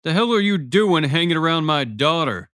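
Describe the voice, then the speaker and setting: A man's voice: fairly high pitch, lively intonation, normal speed, fairly bright tone, smooth, no room sound, studio quality, pitched above the performer's own voice. A man reading an audiobook, voicing a brash, teasing father with boisterous, sarcastic ribbing.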